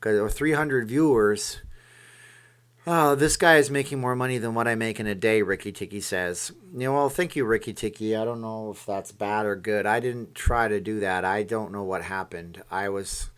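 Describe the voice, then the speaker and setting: A man's voice: lowish voice, normal speed, a bit bright, clean tone. A man hosting a casual live stream, rambling as he reads viewer comments aloud and answers them.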